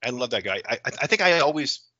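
A man's voice: mid-range voice, big pitch swings, fast talker, sharp tone, no room sound, dull audio. A man in his forties co-hosting a casual film podcast, rambling with lots of fillers and casual swearing. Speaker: podcast co-host.

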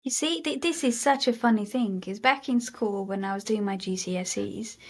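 A woman's voice: mid-range voice, moderate pace, slightly rough. A woman with a Hungarian accent, a guest in a casual interview, talking earnestly and emphatically, often repeating her key phrases. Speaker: guest, mindset coach.

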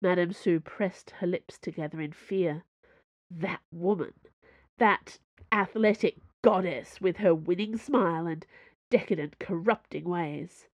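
Woman audiobook narrator, even and measured, dry booth sound. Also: on the low side, dry recording, highs cut off.

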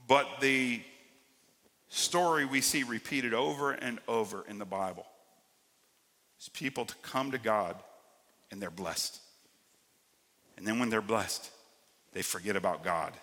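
A man preaching a sermon as pastor, swinging between loud emphatic lines and quiet drawn-out ones. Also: lowish voice, in a large hall.

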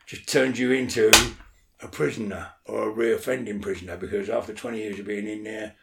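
A man's voice: fairly low pitch, steady tone, a little fast, vocal fry, echoey room. A man talking as an interview guest in casual chat, blunt and swearing a lot, often checking that the listener follows.

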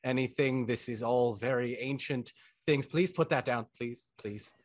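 A man's voice: medium pitch, a little slow, voice pushed up, natural voice. A man playing a curt ancient elf smith. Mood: formal. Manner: formal, curt, archaic phrasing. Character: aloof elven forge master, male, ancient and stiff.

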